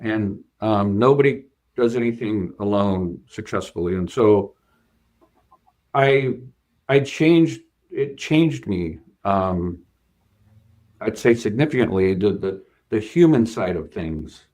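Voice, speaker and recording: Earnest, lower-voiced man telling a story. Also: expressive, slow pace, a little mellow. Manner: earnest, hesitant with many fillers and repeated starts. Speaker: bank CFO, guest. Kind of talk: reflective interview storytelling.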